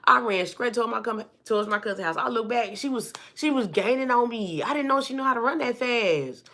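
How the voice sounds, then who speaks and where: A woman vlogger telling a personal story to her viewers in a lively, chatty way, calling them y'all and honey and acting out the people in it. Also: on the high side, fairly quick. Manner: acts out the people in her stories.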